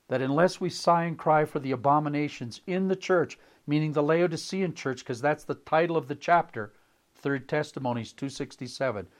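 Older male preacher, slightly high voice, slow emphatic sermon delivery with repeated phrases. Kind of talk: sermon reading and commenting on texts.

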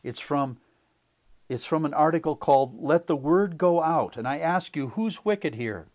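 A man's voice: on the high side, expressive, darkish tone. Emphatic older male preacher, raised voice. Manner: slow emphatic delivery, repeating phrases. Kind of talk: sermon reading and commenting on texts.

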